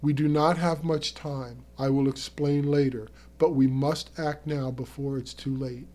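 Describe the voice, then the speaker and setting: A man reading a story aloud, voicing a calm, mysterious man who speaks softly and evenly. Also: mid-range voice, measured pace, lightly acted. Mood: solemn. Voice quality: soft, even voice. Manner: solemn, earnest pleading.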